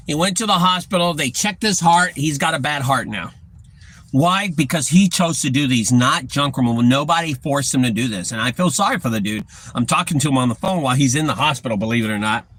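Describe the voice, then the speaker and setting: A man's voice: medium pitch, lively intonation, fairly quick, fairly bright tone. A man with a Texan accent who owns a junk removal business, lecturing other owners in a blunt, profane rant to camera. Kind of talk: ranting talk to camera.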